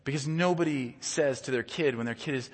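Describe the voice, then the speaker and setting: Male pastor, conversational sermon delivery, repeats words, medium pitch, big reverberant sanctuary. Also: fairly quick, husky. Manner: earnest, conversational preaching with frequent word repeats. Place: church sanctuary. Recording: long church reverb.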